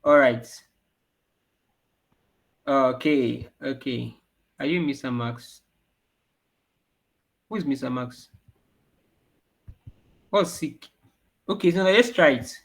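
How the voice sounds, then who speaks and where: A man's voice: medium pitch, slow pace, gravelly, long pauses. A man teaching an online coding class to children, asking questions and answering them himself. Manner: repeats questions for the kids to answer. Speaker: programming teacher.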